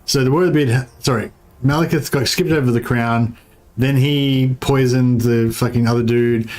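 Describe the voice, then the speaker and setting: A man's voice: mid-range voice, steady tone, moderate pace, darkish tone. A man with an Australian accent chatting casually on a game livestream, rambling, swearing freely and often trailing off mid-thought. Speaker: game streamer. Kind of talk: casual livestream chat while playing.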